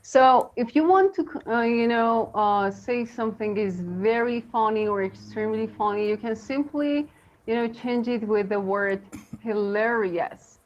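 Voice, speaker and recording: Woman co-host for a live pronunciation lesson, higher voice, unhurried, halting delivery, muffled stream audio. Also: a little mellow. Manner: slow, halting, many fillers. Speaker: co-host English teacher. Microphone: video call.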